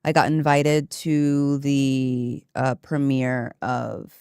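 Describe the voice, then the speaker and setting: A woman streamer chatting casually with her viewers, telling a story with lively asides and laughter. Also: rumbling low, drawn-out words, clean tone, dry recording, clean studio sound.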